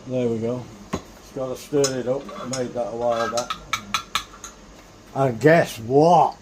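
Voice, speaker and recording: A man's voice: medium pitch, measured pace. Man chatting while he cooks. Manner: chatty, mutters to himself while cooking. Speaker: home cook vlogger. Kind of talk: casual cooking commentary. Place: home kitchen. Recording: noisy background ambience.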